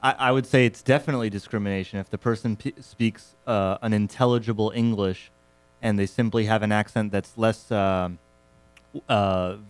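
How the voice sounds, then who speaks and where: A man commenting on a talk radio show, reasoning through his opinion in a measured way. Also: fairly low pitch, steady tone, clear, resonant tone. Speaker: show regular, linguistics commentator.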